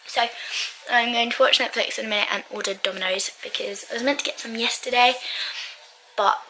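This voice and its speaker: A woman's voice: fairly high pitch, fairly even intonation, fairly quick, background noise. A young woman chatting casually to camera in her bedroom, rambling with lots of ums and small laughs. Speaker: vlogger. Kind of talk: casual chat vlog.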